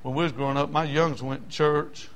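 An older man preaching with a drawl, his voice sitting a little high for a man. He tells stories quietly, then rises into fervent, shouting appeals to the congregation. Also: fairly even intonation, a little fast, muffled recording. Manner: impassioned, swings from hushed to shouting. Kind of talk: sermon.

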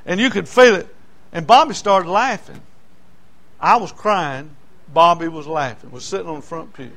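Brief: man, preacher, high-pitched, folksy storyteller, rises loud then drops to a hush. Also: moderate pace. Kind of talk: sermon.

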